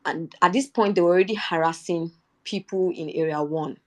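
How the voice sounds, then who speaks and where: In a live audio chat on a Twitter Space, a young Nigerian woman with a Nigerian accent tells a personal story in earnest. Her voice is lowish and she talks fairly quickly, growing indignant whenever she quotes herself.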